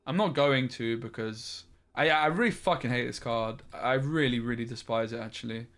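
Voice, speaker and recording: A man's voice: mid-range voice, normal speed, a bit bright. A man streaming a card game, thinking aloud in a frustrated way and swearing often. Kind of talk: live-streamed gameplay commentary.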